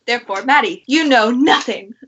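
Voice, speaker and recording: A woman's voice: fairly high pitch, normal speed, fairly bright tone, slightly rough, muffled recording. A woman narrating a tabletop game as game master, patiently explaining the rules.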